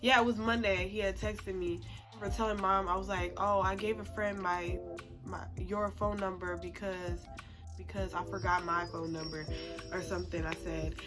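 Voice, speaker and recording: Young woman in her 20s spilling a storytime, chatty, says like a lot, mid pitch, music under it. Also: level tone, normal speed. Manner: chatty, full of "like" fillers, laughs at herself. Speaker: storytime vlogger. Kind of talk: casual storytelling. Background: background music.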